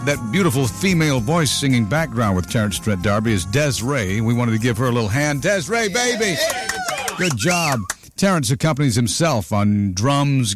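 Playful man hosting a radio countdown. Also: medium pitch. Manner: playful, chatty, teasing callers.

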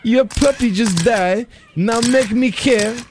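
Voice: medium pitch, slow pace. A person playing a photographer who gushes praise and barks odd posing commands.

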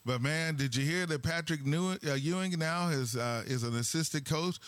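A relaxed man hosting a sports talk show and moving the discussion along between topics. His voice sits a touch higher than most men's. The sound is dry and close to the mic. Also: moderate pace, no room sound. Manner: relaxed, steers the conversation.

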